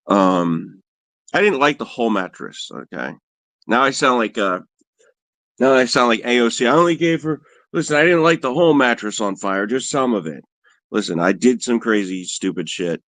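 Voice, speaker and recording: A man's voice: on the low side, a bit bright, no echo. A man hosting a livestream, telling rambling, profane, self-mocking stories and answering viewers in casual chat. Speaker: livestream host.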